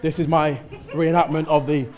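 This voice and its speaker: A male preacher with a Mancunian accent, giving a conversational sermon that builds to loud exhortation in church. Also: on the high side, level tone, moderate pace, slight background noise.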